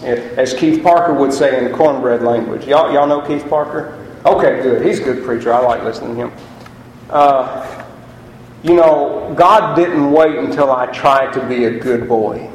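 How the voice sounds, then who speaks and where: A man preaching a sermon as pastor, chatty and lively, asking the congregation rhetorical questions. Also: medium pitch, slight background noise. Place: church sanctuary. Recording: echoey hall.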